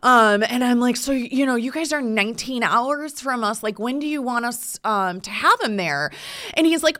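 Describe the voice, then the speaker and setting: A woman chatting casually as a podcast guest, telling a story in an animated way and acting out what people said. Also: fairly high pitch, normal speed. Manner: animated, acts out quotes, frequent laughs.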